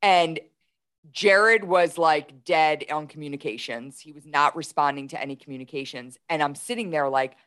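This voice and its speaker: A woman's voice: low-pitched, normal speed, fairly bright tone, smooth. A woman in her forties, a guest telling a story in casual talk, animatedly retelling events with quoted dialogue. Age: 40s.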